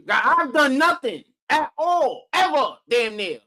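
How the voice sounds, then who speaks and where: A woman with a fairly high voice tells a long story as a casual vlogger. She rambles animatedly, full of slang and swearing. She keeps checking in with "you know what I'm saying" asides. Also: sing-song, takes it slowly, pushed and bright.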